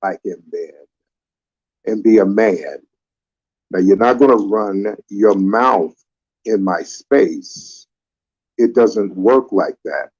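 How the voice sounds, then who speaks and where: Man, low dark voice, slow and deliberate, curtly dismissive host, lo-fi sound. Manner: slow, curt, dismissive, repeating "sir". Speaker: live stream host. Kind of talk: confrontational live debate.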